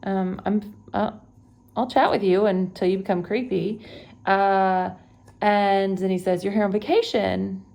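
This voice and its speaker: A young woman from Texas talks through a recent travel story at home, unedited and conversational. Her voice has a gravelly, fried edge, and she keeps stopping to correct herself and fill gaps with fillers. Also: mid-range voice, steady tone, unhurried, a little mellow. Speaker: travel vlogger. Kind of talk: unedited personal retelling.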